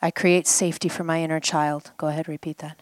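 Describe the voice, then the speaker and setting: A woman with a fairly low voice leads a guided healing exercise before a group at a live event. She coaxes and prompts, repeating short phrases for her listener to echo back. The sound is close and dry, with little room around it. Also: flat delivery, fast. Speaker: healing coach.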